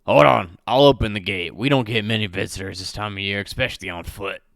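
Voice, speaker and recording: A man voicing a hardened, battle-ready male town guard in a loud, gruff voice. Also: lowish voice, a little fast, no echo, clean studio sound. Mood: welcoming.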